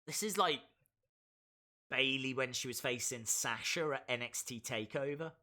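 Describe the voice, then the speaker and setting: A man giving excitable live play-by-play reactions to a wrestling match, bursting into shouts at big moments. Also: medium pitch, moderate pace. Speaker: wrestling stream host.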